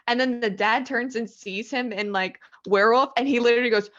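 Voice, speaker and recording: A woman's voice: on the high side, normal speed, a bit bright, highs cut off. A woman guest on a podcast in casual chat, giggly and fond of imitating sounds.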